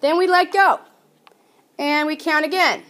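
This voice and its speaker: Female teacher with a high voice, casual and patient in a classroom lesson. She stretches her example words out. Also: fairly even intonation, fairly bright tone. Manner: chatty, patient explaining, drawing out example words slowly. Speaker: Spanish teacher. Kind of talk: recorded classroom grammar lesson.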